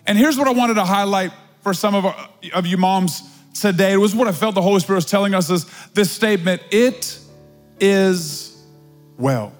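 A man preaching a Mother's Day sermon as pastor, with drawn-out, emphatic repetition. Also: high-pitched. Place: large church hall. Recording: live sermon with long hall reverb and faint music.

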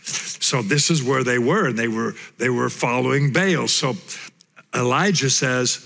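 Male pastor, mid-range voice, lively sermon delivery, long hall reverb. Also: medium pitch, a little slow, gravelly. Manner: animated storytelling with playful voices for characters.

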